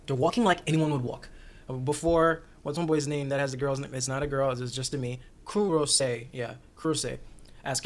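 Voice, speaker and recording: A man talking casually as a recurring guest on an anime discussion show, animated and joking, laughing often. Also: medium pitch, normal speed.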